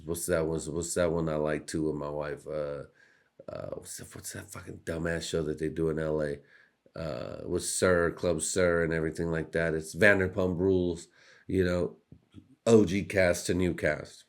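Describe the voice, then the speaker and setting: A man's voice: a bass voice, fairly even intonation, moderate pace, vocal fry. A young man hosting a podcast, rambling through a profane, jokey monologue that keeps slipping into put-on voices. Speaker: podcast host. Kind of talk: casual comedic monologue.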